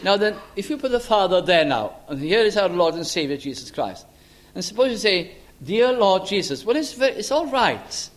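A man preaching a sermon in an earnest, measured way, with frequent stammered restarts. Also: high-pitched, very animated.

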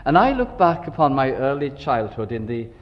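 A man's voice: medium pitch, very animated, normal speed. An older man preaching a sermon, reflective and full of storytelling asides. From Wales. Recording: dull recording with long hall reverb.

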